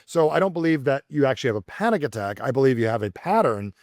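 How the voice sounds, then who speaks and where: A man's voice: medium pitch, big pitch swings, quick pace, darkish tone, no echo, clean studio sound. A man, a communication coach, telling stories energetically as a podcast guest and acting out the voices he quotes. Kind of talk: podcast interview.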